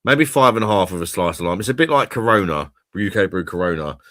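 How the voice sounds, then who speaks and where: A man's voice: sits low, expressive, quick pace, fairly bright tone, no room sound, clean studio sound. A man hosting a casual live-stream chat, laid-back and sweary, laughing often. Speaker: host of a drinks review live stream.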